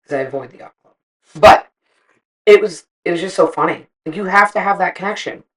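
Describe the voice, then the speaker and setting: Lowish-voiced middle-aged lady, animated and cussing, chatting with a friend. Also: a little fast, rough recording. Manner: animated, profane storytelling with acted-out quotes. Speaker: podcast co-host. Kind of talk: casual chat.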